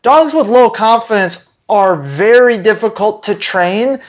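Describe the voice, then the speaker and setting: A man's voice: sits high, expressive, measured pace, highs cut off. A man who trains dogs, answering viewer questions on a live stream in a blunt, emphatic way and hammering his points home by repeating them. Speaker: dog trainer.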